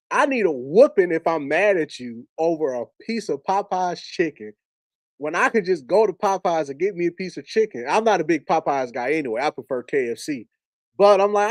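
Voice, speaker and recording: A man recounts a personal story on his livestream, candid and halting, often breaking into a laugh. His voice sits slightly high for a man. The sound is close and dry, with no room around it. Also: sing-song, dry recording. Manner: candid, halting, laughs while telling stories. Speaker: host.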